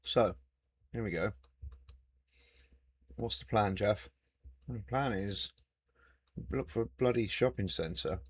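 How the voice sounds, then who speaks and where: A man's voice: fairly low pitch, slow, pauses often, husky, no echo. A man chatting casually and teasing while playing a video game, with mild swearing. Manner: joking banter with mild swearing. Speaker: gamer.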